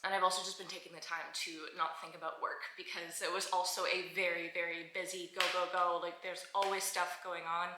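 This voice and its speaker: A woman's voice: lowish voice, bright, forceful tone. Candid chatty woman vlogger, roomy sound. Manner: candid, rambling, swears freely. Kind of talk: casual chatty vlog.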